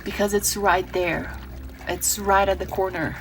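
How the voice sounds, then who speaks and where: A woman's voice: medium pitch, fairly even intonation, measured pace, slight background noise, rough recording. Earnest woman giving a tarot reading. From Brazil. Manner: emotional, earnest, with many restarts and fillers. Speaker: tarot reader.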